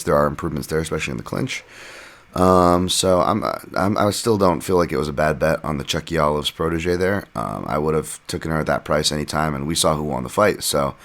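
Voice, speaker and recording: A man's voice: a bass voice, fairly bright tone. A man hosting a podcast, casually recapping fights in a rambling, self-deprecating way with lots of fillers. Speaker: podcast host and fight analyst.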